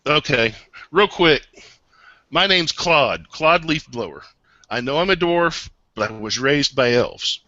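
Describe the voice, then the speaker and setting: A man voicing a secretive male dwarf raised by elves, talking in a hushed, conspiratorial way. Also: on the high side, animated, slow pace, no echo, muffled recording, full character voice.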